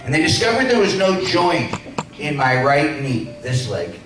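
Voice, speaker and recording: With a fairly high, sing-song voice at a measured pace, a man in his sixties gives a motivational speech built around a personal story and comic punchlines. A distant mic catches him in an echoey hall with music in the background.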